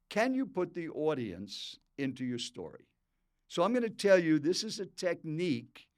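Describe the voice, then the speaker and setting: A man in his eighties, a professional speaker, telling a story in an interview and talking straight to the listener. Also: on the high side. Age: 80s. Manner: animated storyteller who talks straight to the listener. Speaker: professional speaker and speech coach.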